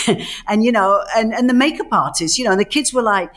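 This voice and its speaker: A middle-aged woman co-hosts a casual podcast chat, a lively storyteller who acts out the quotes and restarts her sentences often. Her voice is a little high and a little fast.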